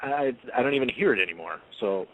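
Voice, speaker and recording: Man, bright tone, radio co-host, casual chat, hesitant, filler-heavy. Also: medium pitch, animated, fast talker, slight background noise, rough recording. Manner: hesitant, many fillers, trailing off.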